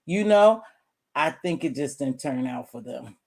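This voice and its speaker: A woman's voice: fairly low pitch, normal speed. Chatty woman hosting a casual talk show. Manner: animated storyteller acting out quotes. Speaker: host. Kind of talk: casual chat.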